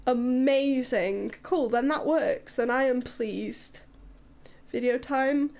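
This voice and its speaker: A British-accented woman from Wales chatting on a live stream, with a high, bright voice. She talks in a loose, chaotic way, swearing freely and breaking into laughter. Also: slow pace, vocal fry. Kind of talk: casual live-stream chat.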